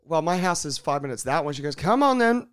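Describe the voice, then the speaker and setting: Young guy telling a crude dating story, super smooth clear voice, kinda high. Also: quick pace. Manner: animated storyteller, swears, acts out quotes. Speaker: podcast co-host. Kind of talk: casual storytelling.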